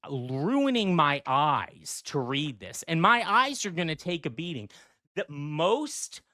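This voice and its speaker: Slow, animated man riffing comedy. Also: fairly high pitch, no echo, studio quality. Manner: digressive, self-interrupting, riffing off a script. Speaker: comedy podcast host. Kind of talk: rambling comedic monologue. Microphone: desk mic.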